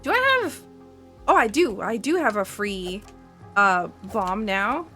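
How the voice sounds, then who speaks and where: A woman's voice: mid-range voice, sing-song, slow pace, pushed and bright, faint music behind. A woman playing a game live and explaining it as she goes, chatty and laughing often, with plenty of fillers. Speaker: speedrun player. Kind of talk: live gameplay commentary.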